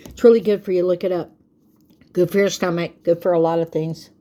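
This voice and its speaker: A woman's voice: on the low side, steady tone, moderate pace, warm tone. An older woman giving a folksy, preachy faith talk to camera, often checking in with "okay?". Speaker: vlogger.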